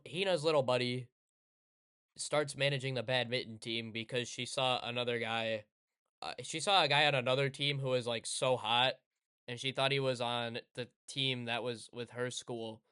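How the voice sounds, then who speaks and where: A man's voice: medium pitch, steady tone, a little slow, bright, forceful tone, clear, resonant tone, no echo, clean studio sound. A man casually rambling in sarcastic commentary over gameplay, often correcting himself. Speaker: streamer.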